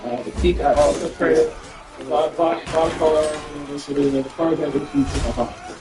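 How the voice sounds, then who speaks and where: A man in casual chat, telling a story in an animated, profane way. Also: fairly high pitch, fairly quick, reverberant, noisy background.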